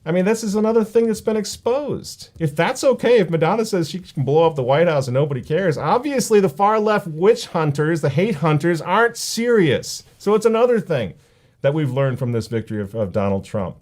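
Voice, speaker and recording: A man's voice: fairly high pitch, animated, a little fast, darkish tone. Indignant man giving sarcastic commentary. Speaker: host of a political commentary show. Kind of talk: opinion commentary.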